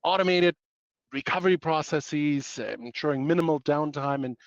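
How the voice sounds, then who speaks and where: A man's voice: on the high side, moderate pace, dry recording, muffled recording. A man presenting a webinar in a playful way, packed with pop-culture analogies and self-mocking asides.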